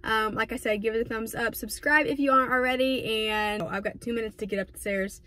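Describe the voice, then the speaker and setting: A young woman vlogging casually, talking fast and filling with "like" and "um", filmed on a phone in her car and later on a tripod at home. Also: fairly high pitch, fairly even intonation, sharp tone. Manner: fast, chatty, lots of "like" and "um". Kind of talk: casual vlog chat. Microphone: phone camera, then on a tripod.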